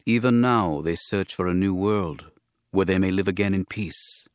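A man voicing a sober, courtly alien official who speaks in a formal, measured, grave way, read as a scripted audiobook. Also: deep voice, smooth, no room sound, clean studio sound, close to an everyday voice.

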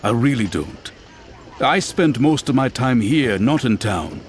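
A man's voice: mid-range voice, expressive, unhurried, slight background noise, close to an everyday voice. A man voicing a wary middle-aged father who speaks carefully and stammers under pressure. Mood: guarded.

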